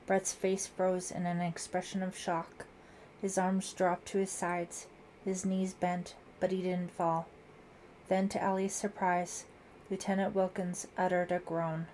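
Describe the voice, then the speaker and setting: Woman, audiobook narrator, fairly low voice, measured dramatic reading. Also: flat delivery, a little mellow, slight background noise.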